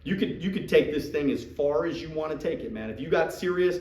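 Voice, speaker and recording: A man's voice: a little high, a little fast, echoey room, distant mic, low-quality recording. A man coaching recruits in a live talk to a group, acting out sales dialogues. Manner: animated, acts out sales dialogues. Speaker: business trainer coaching recruits.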